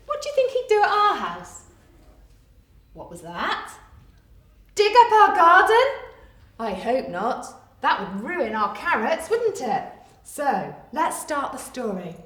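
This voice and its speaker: A woman teacher with an English accent giving a playful writing lesson to young children, talking in a sing-song, exaggerated way. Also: mid-range voice. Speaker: primary school teacher. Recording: echoey room.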